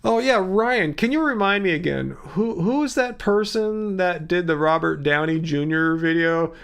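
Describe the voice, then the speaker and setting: A man's voice: high voice, expressive, normal speed, vocal fry, a bit bright, clean tone. A tired man in his fifties hosting a casual livestream, rambling as he answers viewers' comments by name. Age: 50s. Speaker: livestream host.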